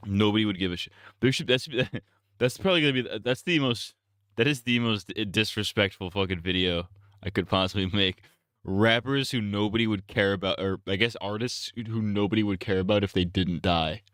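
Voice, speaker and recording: Low, blunt, profane male streamer. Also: brisk, a bit bright, clear, resonant tone, no room sound, studio quality. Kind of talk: casual live-stream rant.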